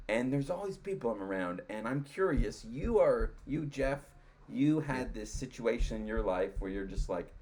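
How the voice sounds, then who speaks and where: A man hosting an interview podcast, animated and jokey, often jumping in on his guest. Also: mid-range voice, moderate pace. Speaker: podcast host. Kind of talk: casual interview conversation.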